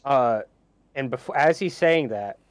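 An excited man describes his character's actions in a tabletop game. He talks fast in bursts and keeps restarting his sentences, and his mic sounds dry and close. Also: mid-range voice, clean tone, dry recording. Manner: excited, stumbling over restarts. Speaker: player. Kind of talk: casual tabletop play.

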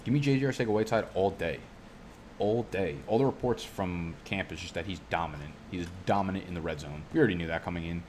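Low-voiced profane rambling man. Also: quick pace, a little mellow, slight background noise. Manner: profane, rambling, goes off on tangents. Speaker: fantasy football youtuber. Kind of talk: casual live-stream commentary. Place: home studio.

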